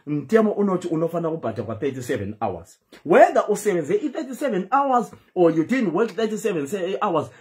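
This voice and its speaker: Zimbabwean male streamer, high animated voice, emphatic and pleading. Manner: pleading, emphatic, switches between English and Shona. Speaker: host. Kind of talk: impassioned live-stream talk.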